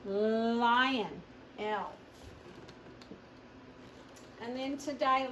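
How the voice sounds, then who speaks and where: A woman teaching a phonics lesson, sounding out each word slowly syllable by syllable and encouraging her young students. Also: a little high. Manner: slow, sounding out words syllable by syllable. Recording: echoey room, mic far off, noisy.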